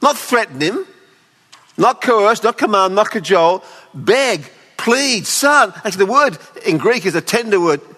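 Expressive male preacher in a reverberant hall. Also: sits high, measured pace. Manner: expressive, voices the father pleading tenderly. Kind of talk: sermon. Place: hall at a weekend away.

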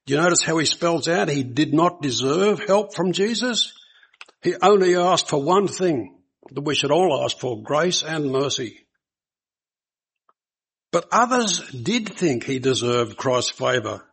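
A man's voice: on the high side, lively intonation, unhurried, a bit bright, slightly rough, low-quality recording. A man preaching a sermon to a congregation, speaking earnestly and putting rhetorical questions to his listeners.

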